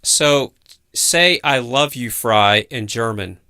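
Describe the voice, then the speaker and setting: A man hosting a livestream, casually quizzing his AI companion with curious, halting questions. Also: medium pitch, expressive, sharp tone, clean tone. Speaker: livestream host. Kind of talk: casual live chat.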